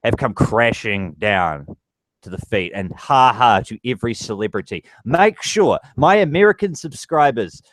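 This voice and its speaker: A man's voice: mid-range voice, expressive, a little slow, no echo, poor audio. A man vlogging a heated, profane political rant straight to his viewers. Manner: angry, profane ranting.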